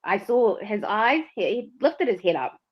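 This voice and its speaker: Her voice is mid-range and husky, very animated yet unhurried, as she co-hosts a livestream. She tells a story with lots of energy, acting out quotes and laughing frequently, and the livestream mic gives a slightly dull, lo-fi sound.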